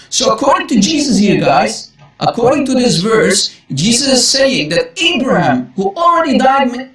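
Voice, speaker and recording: A man preaching emphatic Bible commentary, repeating his exclamations and calling his listeners guys. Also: sits high. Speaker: Christian preacher.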